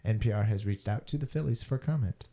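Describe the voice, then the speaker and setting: Podcast co-host, man, very dark mellow tone, casual reader with amused asides. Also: lowish voice, fast. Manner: chuckling, reads articles with asides. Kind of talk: casual chat, reading news stories aloud.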